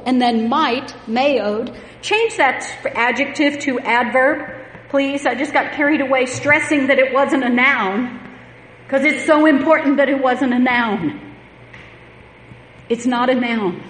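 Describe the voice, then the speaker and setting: A woman preaching a sermon, stressing words emphatically and often rising in pitch and volume as she drives a point home. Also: takes it slowly. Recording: echoey hall with faint background noise.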